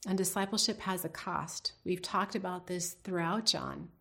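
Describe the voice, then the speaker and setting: A woman's voice: lowish voice, moderate pace, gravelly, fairly bright tone. A woman teaching a devotional Bible lesson in an earnest, reflective way, putting questions to her listeners.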